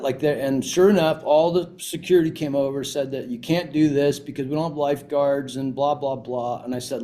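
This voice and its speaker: A man's voice: medium pitch, fairly even intonation, a little fast, few pauses, dark tone. A man guest on a podcast, telling a story with lots of restarts and fillers. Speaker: CEO guest. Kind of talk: casual storytelling interview.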